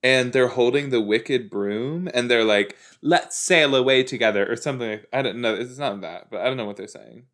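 A man's voice: medium pitch, normal speed, few pauses, a bit bright. A young man casually chatting and mocking a TV show, recording while lying down. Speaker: podcast host reacting to a TV episode. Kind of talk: casual chat. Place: lying down at home.

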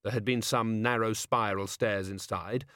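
A man's voice: on the low side, steady tone, moderate pace, sharp tone, no room sound. Man reading a comic novel, dry. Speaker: audiobook narrator. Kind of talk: scripted narration.

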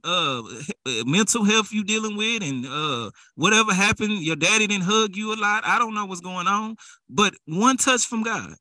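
A man's voice: high voice, bright, forceful tone, no room sound. A man preaching a sermon in a casual, conversational way that builds into fervent exhortation.

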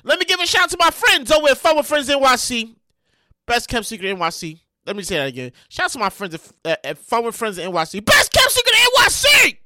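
Loud, animated New York podcast host. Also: female voice, a little high, fast, dry recording. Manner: loud, animated, swearing, vents and shouts. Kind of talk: casual solo podcast chat. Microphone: close podcast mic.

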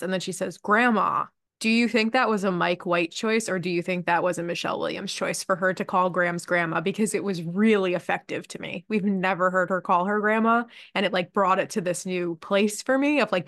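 Woman, podcast co-host, giggly, animated, dry close sound. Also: lowish voice, dry recording. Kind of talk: casual chat.

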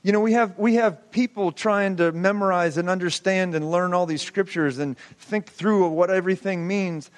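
A man's voice: high-pitched, moderate pace, hardly any pauses. A man in his forties preaching, telling a personal testimony with impassioned storytelling and rhetorical questions.

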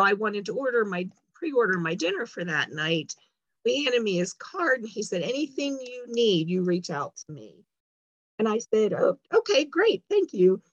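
A woman's voice: mid-range voice, no room sound, highs cut off. A woman telling a long story in casual chat, acting out the lines of people she quotes. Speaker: guest.

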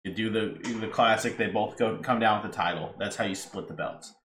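A man co-hosting a podcast who chimes in with questions and lays out his own ideas in a measured way. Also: on the low side, a bit bright. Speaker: podcast co-host. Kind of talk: casual chat. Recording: echoey room with faint noise.

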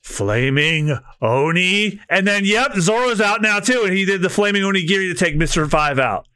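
A man's voice: sits high, brisk, sharp tone, clean tone, no echo, clean studio sound. A man co-hosting a podcast, casually recapping a comic with lots of laughter. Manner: laughs often, breaks into character voices. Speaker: podcast co-host.

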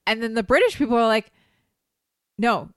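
A woman from Canada co-hosting a casual podcast, chatty and quick to laugh. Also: mid-range voice, dry recording, studio quality. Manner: laughs often, animated and chatty. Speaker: podcast co-host. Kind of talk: casual chat.

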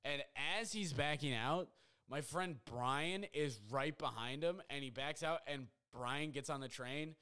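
A young man hosting a podcast alone from his apartment, telling a story in a rambling, excitable way full of fillers. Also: on the high side, measured pace, clear, resonant tone. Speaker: podcast host. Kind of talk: casual storytelling monologue. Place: apartment at home.

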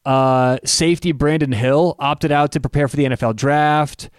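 A man's voice: on the high side, fairly even intonation, moderate pace, clean tone, dry recording, clean studio sound. A man co-hosting a sports betting show, running through player stats and picks in a casual, joking way. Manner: listing stats, joking banter.

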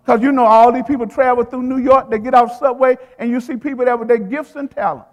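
A man's voice: extremely high pitch, fairly even intonation, fast talker, big-room sound. A male preacher delivering a sermon in a rhythmic, repeating style. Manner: rhythmic, repeats phrases, calls to the congregation.

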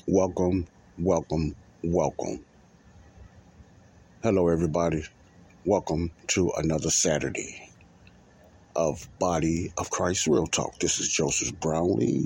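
A man with a low, darkish, husky voice hosts a religious podcast in a casual, rambling monologue. He repeats himself, leans on fillers like "uh" and "you know," and slows down to stress key words.

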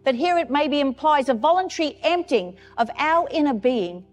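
A woman's voice: high voice, animated, normal speed, faint music behind. A woman pastor preaching a sermon in an earnest, emphatic way, repeating key phrases.

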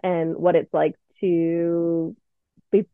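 A woman's voice: fairly low pitch, flat delivery, drawn-out words, clear, resonant tone, dry recording. A woman guest in casual interview chat, talking candidly and expressively, swearing freely, from Canada. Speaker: podcast guest, playwright and actor. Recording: tinny phone-like line, dry.

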